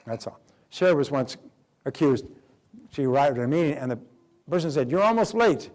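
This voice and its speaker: A man's voice: medium pitch, moderate pace, mellow. A middle-aged man giving a motivational talk, emphatic, repeating key phrases and acting out quoted dialogue. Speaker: motivational speaker.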